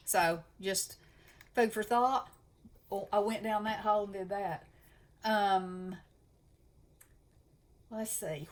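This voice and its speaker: A woman's voice: medium pitch, slow pace, long pauses. A woman with a Southern US accent chatting enthusiastically as host of a craft channel. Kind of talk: casual chat.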